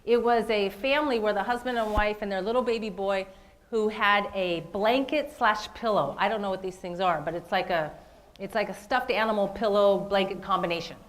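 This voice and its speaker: A woman giving a live motivational keynote, emphatic, repeating key phrases and asking the audience questions. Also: medium pitch.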